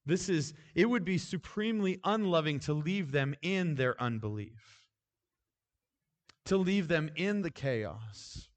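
A man's voice: on the high side, expressive, a little slow. A man delivering a sermon in an easy, conversational manner. He talks informally, with casual asides and restarts, as if chatting with the congregation. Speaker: pastor.

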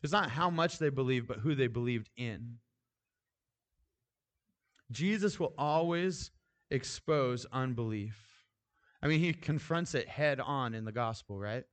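A man's voice: mid-range voice, lively intonation, a little slow, pauses often. A man preaching a sermon in a conversational, informal manner, with casual asides and frequent restarts. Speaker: pastor.

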